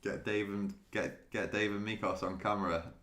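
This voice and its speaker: A man's voice: lowish voice, steady tone, normal speed, fairly bright tone, echoey room. A man chatting casually with viewers on a live stream, laughing often and restarting his sentences. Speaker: day trading streamer.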